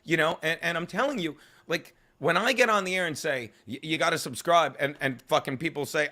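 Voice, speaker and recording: A male comedian telling rambling, profane stories in an interview. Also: a little high. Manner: fast, swearing, animated storytelling. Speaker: comedian guest.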